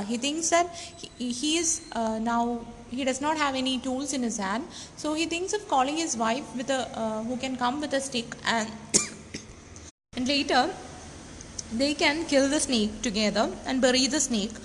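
A woman teaching a literature lesson, explaining a text with frequent pauses and restarts, and reading quotations slowly. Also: high voice. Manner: many fillers and restarts, reads quoted passages slowly. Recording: roomy reverb, faint background noise.

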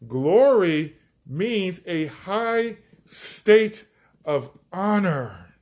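A man preaches slowly on a podcast, lingering on each word he wants to land. His voice sits fairly high for a man, and he sounds eager and excited about the teaching. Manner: enthusiastic, drawn-out emphasis on key words.

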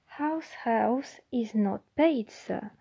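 A woman voices a timid, anxious house elf servant who uses broken grammar and keeps saying "sir," sounding deferential. Her delivery is heavily acted, with drawn-out words and a squeaky, quivering, creaky voice that has a dark tone and a breathy edge. The recording is low quality.

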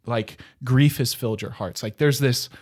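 A man in easy, conversational mode works through ideas about scripture out loud. He often breaks off and restarts, and keeps checking in with his listener. His pitch and energy sit in an ordinary middle range. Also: normal speed. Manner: rambling, self-interrupting, frequent "right?". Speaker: podcast co-host. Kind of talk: casual conversational discussion of scripture.

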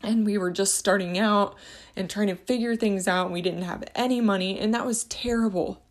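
A woman's voice: mid-range voice, steady tone, moderate pace. A woman hosting a casual faith-and-money monologue, talking in an earnest, rambling, passionate way.

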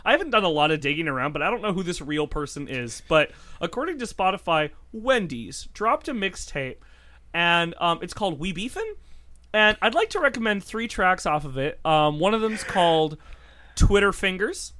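This man has a high voice and a moderate pace as he co-hosts a podcast. The talk is a casual chat, and he tells stories in an animated way with lots of laughter, frequent restarts, and swearing.

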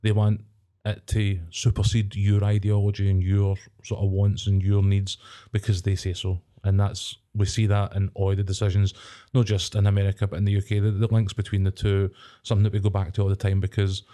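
Mellow-voiced sweary Scottish man. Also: lowish voice, brisk. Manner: sweary, rambling, animated. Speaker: podcast co-host. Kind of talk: casual chat.

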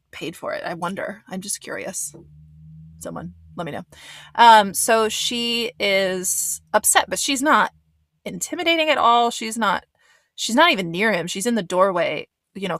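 A woman's voice: medium pitch, a bit bright, no echo. A woman giving a casual recap commentary of a reality show, blunt and swearing, with lots of fillers. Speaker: reaction commentator.

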